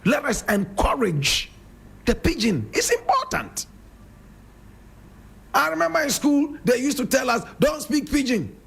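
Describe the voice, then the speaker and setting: A man's voice: extremely high pitch, big pitch swings, unhurried, vocal fry, pauses often, fairly bright tone, breathy edge. A Ghanaian man with a Ghanaian English accent giving a fiery, preachy radio monologue and calling his listeners brother and sister. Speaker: radio show host.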